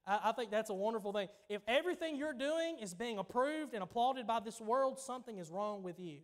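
Southern male pastor, high-pitched, emphatic conversational sermon delivery in church. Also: lively intonation, brisk. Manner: emphatic, conversational preaching with repetitions.

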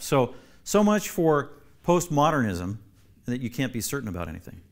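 A man's voice: medium pitch, very animated, moderate pace. A man, a pastor, teaching a Bible class, emphatic and repeating key phrases for stress while asking the class questions.

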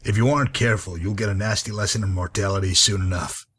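Game NPC: man playing a husky, low-voiced, weary wasteland guide. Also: steady tone, quick pace, fairly bright tone. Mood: weary, dry. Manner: dry, weary, patient. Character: gruff grizzled male wasteland guide. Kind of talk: game character dialogue.

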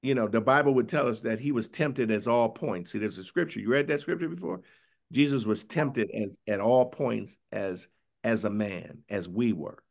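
A bishop preaching a Bible study sermon in a conversational, questioning way, often asking "right?" and reading scripture slowly. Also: male voice, medium pitch, gravelly. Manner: conversational, questioning, tag "right?" after points; reads scripture slowly and drawn out.

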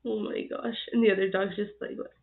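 A woman's voice: medium pitch, fairly even intonation, fairly quick, creaky. A woman hosting her channel, giggling and gushing through casual reaction commentary on clips. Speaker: channel host reacting to videos. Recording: tinny phone-like sound.

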